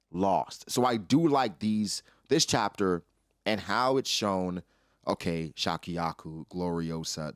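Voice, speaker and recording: Animated young man breaking down a chapter. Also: on the low side, no room sound, studio quality. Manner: animated, acts out character lines in his own voice. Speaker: anime reaction host. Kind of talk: casual commentary.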